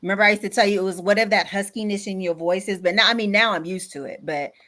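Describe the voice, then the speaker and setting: A woman's voice: mid-range voice, quick pace, fairly bright tone. Frank woman hosting a chat. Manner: frank, reads listener comments aloud. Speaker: podcast host. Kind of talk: casual chat.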